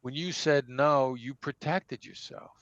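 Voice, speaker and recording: A man's voice: mid-range voice, a little slow, fairly bright tone, no echo, lo-fi sound. A man, a negotiation expert, answering interview questions and acting out sample dialogue to make his points. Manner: emphatic, acts out example dialogue.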